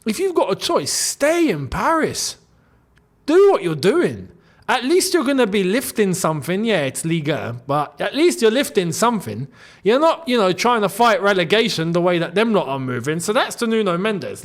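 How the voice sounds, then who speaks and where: A man hosting his own football channel, talking straight to his viewers in a jokey, animated way. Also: high-pitched, normal speed. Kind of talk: casual football commentary vlog.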